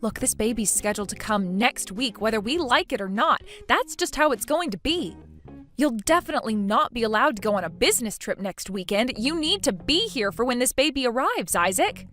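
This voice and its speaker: A woman's voice: on the high side, very animated, brisk, a bit bright, soft background music. Synthetic woman voicing a bewildered pregnant wife. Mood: firm. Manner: hesitant, puzzled, stammering.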